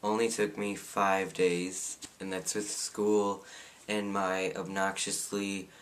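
A man's voice: deep voice, little pitch movement, takes it slowly, fairly bright tone, slight background noise. A teenage man giving a casual, opinionated book review with a sarcastic streak.

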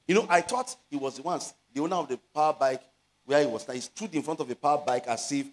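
A man's voice: on the high side, sing-song. Emphatic Nigerian preacher, a man. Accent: Nigerian, Yoruba. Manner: emphatic preaching, rising to loud exhortations; slows to stress scripture phrases. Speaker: pastor. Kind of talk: sermon.

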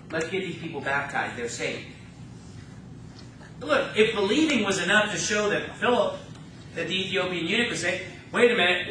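A man preaching a fervent sermon in a church, reading scripture slowly and mocking opposing views in quick asides. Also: sits high, pushed and bright, slight background noise. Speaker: pastor. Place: church sanctuary. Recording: echoey church room, mic far off.

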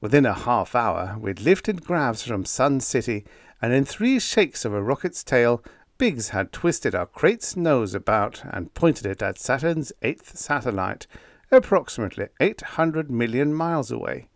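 A man's voice: medium pitch, sing-song, unhurried, no echo, clean studio sound. A man narrating a humorous pulp sci-fi story in the first person, in a wisecracking storyteller's manner. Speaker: audiobook narrator.

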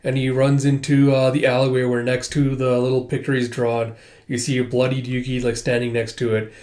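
Chatty guy recapping a comic, mid pitch, lots of "like" and "uh", laughs easily. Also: level tone, a little fast, darkish tone. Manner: chatty, laughing, many fillers. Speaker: comic read-through host. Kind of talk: casual commentary.

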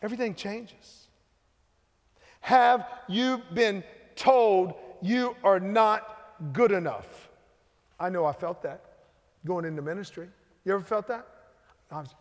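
A middle-aged man, co-pastor of a church, preaching a sermon that swings between loud and hushed. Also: sits high, slow, pauses often. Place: church sanctuary. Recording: long hall reverb.

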